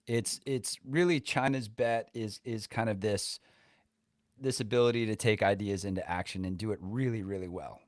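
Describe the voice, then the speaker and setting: Easygoing man co-hosting a podcast, lowish voice, loose chatty delivery, dry sound. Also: steady tone, moderate pace, dry recording. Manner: loose, conversational, many fillers like "you know" and "kinda". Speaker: podcast co-host. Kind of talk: casual chat.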